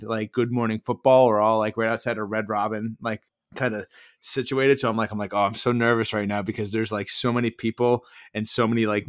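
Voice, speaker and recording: This man's fairly low, smooth voice has a fairly bright tone, captured as clean studio sound with no room sound. He's a podcast host casually telling a wandering story, leaning on "like" constantly and mimicking others' words in quotes.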